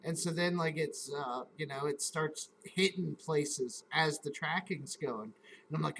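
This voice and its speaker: A man's voice: on the high side, measured pace, vocal fry, fairly bright tone, slight background noise, rough recording. A man hosting a live stream, casually telling a rambling, profane story and acting out his own reactions in quotes.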